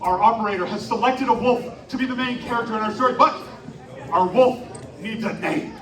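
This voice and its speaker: A man hosting an interactive live storytelling show, animatedly coaxing the audience to shout along. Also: extremely high pitch, fairly quick. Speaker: live children's storytelling performer. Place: outdoor winter carnival stage. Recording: echoey, distant live stage recording with crowd. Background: audience noise.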